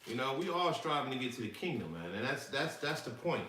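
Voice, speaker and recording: A man reading scripture aloud slowly and deliberately during a Bible study. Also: medium pitch, sing-song, pushed and bright, distant mic. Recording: echoey room, off-mic, faint noise.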